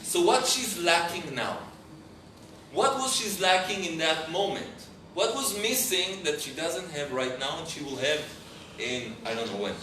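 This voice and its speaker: Man, rabbi, lively storytelling lecture, fairly high voice, far off mic in a roomy, noisy hall. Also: a little slow. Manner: animated, often searching for English words. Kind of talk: storytelling lecture to a live audience.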